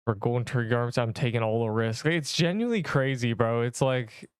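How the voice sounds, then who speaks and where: The voice belongs to a man livestreaming gameplay, tossing out exasperated, slang-filled banter as he rambles to viewers. It's medium-pitched, brisk and smooth, and the recording has no echo.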